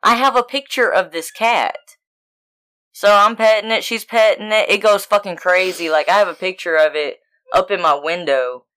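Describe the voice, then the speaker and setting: Woman co-host, bright crisp voice, profane animated storyteller, casual chat. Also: mid-range voice, moderate pace. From United States. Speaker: podcast co-host.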